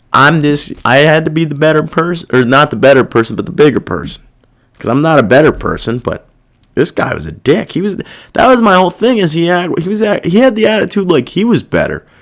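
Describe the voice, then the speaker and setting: A man's voice: fairly high pitch, big pitch swings, brisk. A man hosting a casual solo podcast, venting in a profane, irritated rant that rambles and loses its thread. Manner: rambling, loses his train of thought. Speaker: podcast host. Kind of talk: casual monologue.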